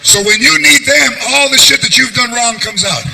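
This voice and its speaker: A male stand-up comedian telling animated family stories, mixing in Spanish phrases. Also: very high-pitched, normal speed, vocal fry, rough recording.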